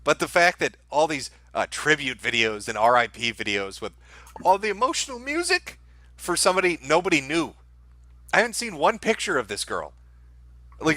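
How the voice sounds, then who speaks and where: A male commentary host picks apart social media posts with mocking, foul-mouthed sarcasm. His pitch swings widely as he talks, and his tone is bright and cutting. The sound is dry and close. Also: no room sound.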